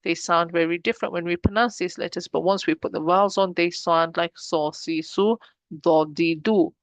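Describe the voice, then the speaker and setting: A woman teaching a pronunciation lesson, slowly drilling syllables and explaining patiently. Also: on the low side, steady tone, smooth, dry recording. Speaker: Arabic teacher.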